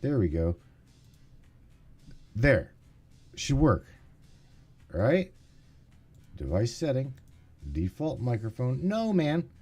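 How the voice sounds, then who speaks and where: A man runs a casual live call-in stream, rambling and swearing through his tech trouble. His voice leaps up and down in pitch. Faint music plays behind him. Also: big pitch swings, slow, pauses often, a little mellow, husky. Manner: rambling, swearing, bursts of exasperation. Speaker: podcast host.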